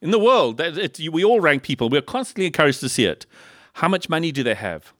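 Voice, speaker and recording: A man from Africa, preaching a sermon in a lively style full of rhetorical questions and humorous asides. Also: on the high side, fast, no echo, clean studio sound. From South Africa. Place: church in Liverpool.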